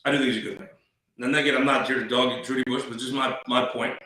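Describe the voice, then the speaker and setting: A man's voice: mid-range voice, fairly even intonation, fast, pushed and bright, recorded from a distance. Blunt folksy man in an echoey room. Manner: blunt folksy talk with restarts. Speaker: political show host. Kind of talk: casual political commentary.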